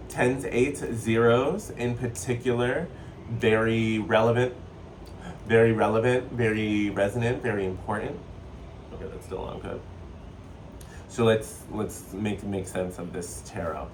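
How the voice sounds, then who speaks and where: A man giving a casual spiritual tarot reading, chatty and excitable, with a playful, sassy way of talking. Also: fairly low pitch, normal speed, recorded from a distance, slight background noise. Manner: playful, sassy, slips into joking accents. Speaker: tarot reader.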